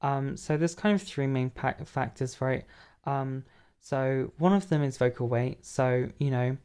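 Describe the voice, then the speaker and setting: A woman coaching voice in a relaxed lesson, explaining as she goes and checking in with "right?", her voice a little hoarse after a long workshop, recorded lying down. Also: extremely low pitch, measured pace. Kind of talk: casual voice lesson.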